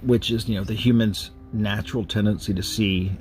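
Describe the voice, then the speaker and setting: A man telling a personal ghost story in a slow, measured, halting way, with pauses and restarts. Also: on the low side, fairly even intonation, darkish tone, a little hiss or hum. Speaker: narrator of a paranormal recording series.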